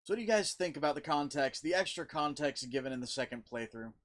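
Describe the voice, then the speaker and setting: A man's voice: fairly high pitch, lively intonation, fast, a bit bright. A man streaming a video game, giving casual commentary full of jokes and swearing. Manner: profane, joking.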